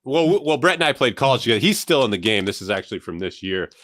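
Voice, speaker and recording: A man's voice: mid-range voice, very animated, a bit bright, dry recording, clean studio sound. A man playing a rambling adult-baby spa owner. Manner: rambling, halting, many restarts. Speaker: diaper spa partner, podcast guest. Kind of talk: improvised comedy character.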